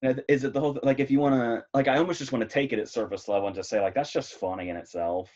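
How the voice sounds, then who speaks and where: A man co-hosting a podcast in casual chat, laughing often and talking in an animated, rambling way. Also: mid-range voice, very fast, dull audio. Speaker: podcast co-host. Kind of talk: casual chat about films.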